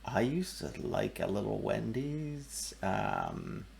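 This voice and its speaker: A man's voice: on the low side, slow, vocal fry, a crowd in the background. A man hosting a live art stream, chatting casually and joking around with his cohost. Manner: joking, relaxed banter. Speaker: host.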